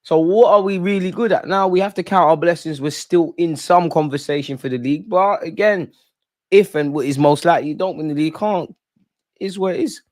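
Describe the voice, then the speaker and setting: A man's voice: on the high side, a little fast, darkish tone, dry recording, studio quality. A man hosting a live football watch-along, talking in a casual, opinionated, rambling way full of slang. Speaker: football fan channel host.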